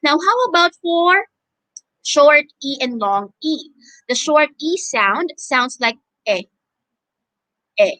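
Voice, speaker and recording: A woman's voice: sits high, lively intonation, sharp tone. A woman with a Filipino accent teaching an online phonics lesson, stretching out each word for learners to repeat after her. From Philippines. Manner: drawn-out, repeating words for learners to echo.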